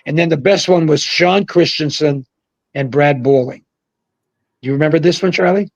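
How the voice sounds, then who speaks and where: An older man, a former pro bowler, telling rambling, animated stories over a video call and shouting out the quoted lines. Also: fairly high pitch, moderate pace, dry recording, muffled recording. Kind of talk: casual storytelling on a livestream. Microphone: video call mic.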